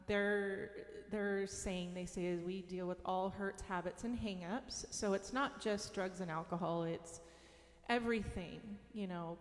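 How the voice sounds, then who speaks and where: A woman from Washington state tells her personal story in an interview. She talks earnestly in a mid-range voice and giggles between thoughts. Her voice carries a long reverb tail. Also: mid-range voice. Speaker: guest, recovery music minister.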